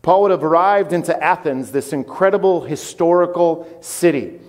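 A man preaching a sermon as pastor, animated and conversational with his congregation. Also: fairly high pitch, normal speed, big-room sound. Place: church.

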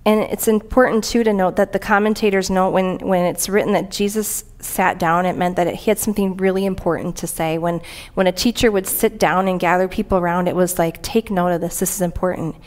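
A woman's voice: mid-range voice, fairly even intonation, brisk. A woman preaching a conversational sermon in a church, earnest and plain-spoken, reading aloud from scripture and a commentary.

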